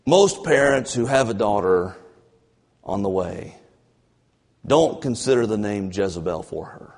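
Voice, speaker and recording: A man preaching a fervent sermon as pastor, swinging between loud emphasis and low, drawn-out passages. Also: animated. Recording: long church reverb.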